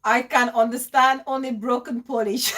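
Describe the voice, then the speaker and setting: A woman hosting a live stream, warmly greeting viewers by name and talking into her phone. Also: on the high side. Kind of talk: live stream chat reading comments.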